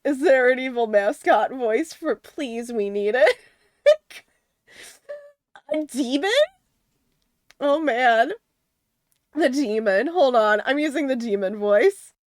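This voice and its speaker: Giggly high-voiced woman streamer. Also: slow, long pauses, dry recording, studio quality. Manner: giggly, reactive, swears. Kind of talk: casual gameplay commentary. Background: music.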